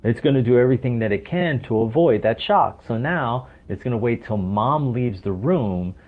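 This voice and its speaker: A man's voice: mid-range voice, expressive, normal speed. A man speaking as a podcast guest, explaining emphatically and often asking rhetorical questions. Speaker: podcast guest, stress coach. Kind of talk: explanatory interview talk. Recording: tinny phone-like line.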